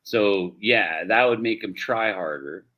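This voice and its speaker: A man's voice: on the low side, takes it slowly, dull audio. A man from the United States co-hosting a casual sports talk show, loose and profane, calling everyone dude and bro. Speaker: co-host.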